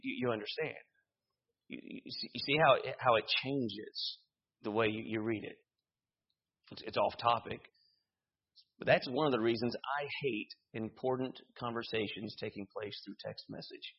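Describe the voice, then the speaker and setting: Casting: male preacher, husky voice, lively sermon with humor, lo-fi church recording. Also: medium pitch, moderate pace. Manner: animated preaching with humor and repetitions. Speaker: pastor. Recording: dull lo-fi sound.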